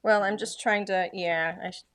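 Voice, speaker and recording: A woman's voice: medium pitch, fairly even intonation, moderate pace, a bit bright. A woman demonstrating craft products in a casual, chatty way, full of enthusiasm and filler words.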